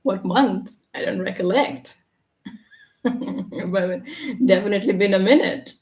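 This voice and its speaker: A woman teaching English on a live stream, explaining patiently and checking in with a quick "yeah?". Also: medium pitch, a little mellow. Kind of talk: live Q&A reading viewer comments. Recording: echoey room, voice a bit far from the mic.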